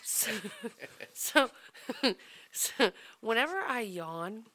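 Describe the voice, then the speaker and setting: A woman's voice: a little high, expressive, drawn-out words, bright, forceful tone. A woman co-hosting a podcast, telling an anecdote in casual chat, laughing and swearing casually. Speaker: podcast co-host.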